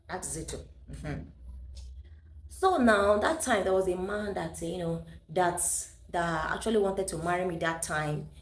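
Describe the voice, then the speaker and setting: A woman's voice: lowish voice, reverberant, a little hiss or hum. A woman with a Nigerian accent, a vlogger chatting through a personal story, slipping into Pidgin English and laughing often.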